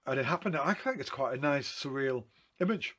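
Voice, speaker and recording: Man, mid pitch, easygoing photographer rambling through anecdotes with frequent restarts. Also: lively intonation, fairly quick, a bit bright, husky. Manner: rambling, self-correcting, chatty. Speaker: photographer talking through his photo book. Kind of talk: casual anecdotal storytelling.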